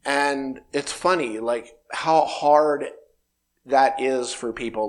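A man's voice: mid-range voice, slow pace. A man in his fifties giving a reflective spiritual talk, meandering and acting out bits of dialogue. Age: 50s. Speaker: spiritual speaker.

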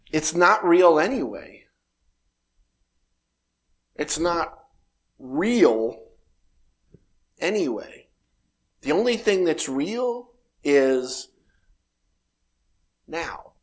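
A man's voice: on the high side, big pitch swings, slow pace, long pauses. Reflective man in his fifties. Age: 50s. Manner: meandering, reflective, acts out dialogue. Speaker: spiritual speaker. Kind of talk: reflective spiritual talk.

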